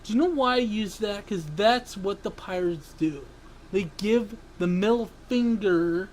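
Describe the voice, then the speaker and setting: A sports vlogger ranting angrily, swearing and breaking into sudden yells, then apologizing for them. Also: mid-range voice, measured pace, a little hiss or hum, rough recording. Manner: ranting, swearing, bursts into yelling; self-interrupting, apologizes for yelling. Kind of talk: angry sports rant.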